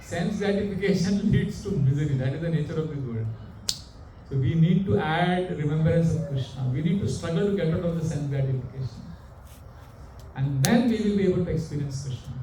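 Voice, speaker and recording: A man preaches in an animated way, asking his listeners questions as he goes. His voice is fairly high for a man yet mellow in tone. The recording is roomy and distant, with a faint background hum. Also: brisk. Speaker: monk preacher. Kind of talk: sermon with storytelling. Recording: echoey room, mic far off.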